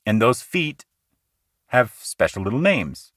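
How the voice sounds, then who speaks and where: A man hosting a poetry podcast, explaining meter in an earnest, conversational teaching manner that shifts between quick asides and slow, deliberate reading. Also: mid-range voice, very animated, fairly bright tone, dry recording, studio quality. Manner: earnest, explanatory, slows down to recite lines rhythmically.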